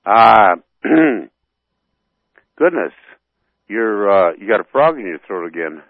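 A man's voice: on the low side, big pitch swings, slow, vocal fry, no echo. Rambling man on a phone line. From North Dakota. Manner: rambling, heated, searching for words. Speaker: radio caller. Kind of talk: phone-in rant.

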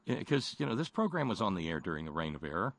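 A middle-aged man hosting talk radio in a dry, close studio sound. His pitch swings widely as he talks, and his delivery is sardonic and full of restarts. He stammers into his points and lands them with dry jabs. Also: big pitch swings, a bit bright, no echo. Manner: halting, sardonic, lots of restarts. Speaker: radio host. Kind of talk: political talk radio chat.

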